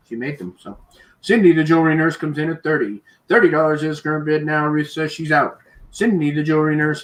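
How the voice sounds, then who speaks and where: A man running a live online auction, calling bids in brisk, repetitive patter and chuckling now and then. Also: a little high, fairly bright tone.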